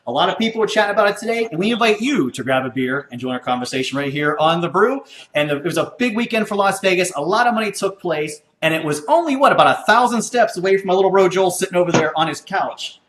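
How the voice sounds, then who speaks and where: A man's voice: sits high, animated, fast, fairly bright tone. A man hosting a casual chat show, upbeat and joking as he talks with his co-host. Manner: upbeat, joking, mock anchor voice. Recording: echoey room with faint noise.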